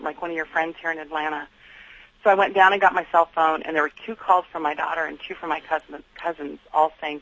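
A woman's voice: deep voice, fairly bright tone, dry recording. A middle-aged woman, a guest, telling her story earnestly and acting out her own inner dialogue. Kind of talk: candid interview storytelling. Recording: dull lo-fi sound.

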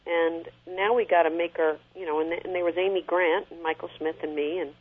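A middle-aged woman with a husky voice, an interview guest talking animatedly about her singing and sometimes singing short phrases. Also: on the low side, fairly quick. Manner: animated, sings short snippets to illustrate. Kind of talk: conversational interview. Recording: tinny phone-like line.

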